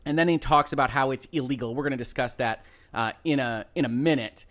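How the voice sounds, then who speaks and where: A man who hosts a legal commentary show walks through a lawsuit in a measured, careful way. His voice sits at an ordinary middle pitch. He often pauses on small fillers while he builds his explanation. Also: a bit bright. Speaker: lawyer and show host.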